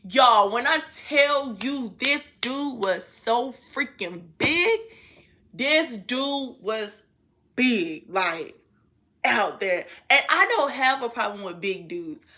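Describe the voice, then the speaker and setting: Animated, bright-voiced young woman storyteller. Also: on the high side, takes it slowly. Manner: animated, slangy storyteller who talks to viewers. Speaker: vlogger. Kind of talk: storytime vlog.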